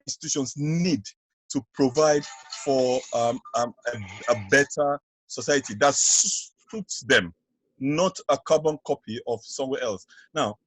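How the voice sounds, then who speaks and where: A man from Nigeria, a guest educator on a podcast, speaking haltingly and often restarting words. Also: on the high side, no echo, low-quality recording. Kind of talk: casual discussion.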